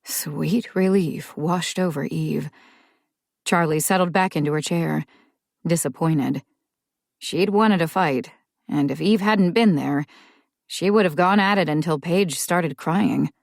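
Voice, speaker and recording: A woman narrating an audiobook in a measured, calm way. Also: low voice, vocal fry, no room sound, studio quality.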